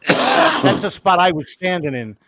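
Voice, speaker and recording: A man's voice: high voice, huge pitch swings, measured pace, sharp tone. A man speaking as a guest in a casual chat, blunt and profane, often chiming in.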